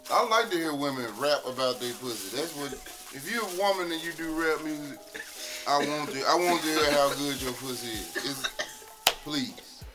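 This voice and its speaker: Animated man chatting over music. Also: on the high side, normal speed. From Memphis. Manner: animated, loose, profane storytelling. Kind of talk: casual podcast chat.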